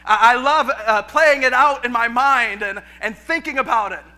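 A male pastor preaching a lively sermon in a church. He often repeats his words and laughs. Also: very high voice, normal speed.

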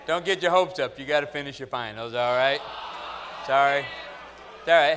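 Male chapel preacher, bright forceful tone, jokes with the crowd, faint room ambience. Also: medium pitch, normal speed, slight background noise. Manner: jokey, loud and rousing with the crowd. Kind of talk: sermon. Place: college chapel.

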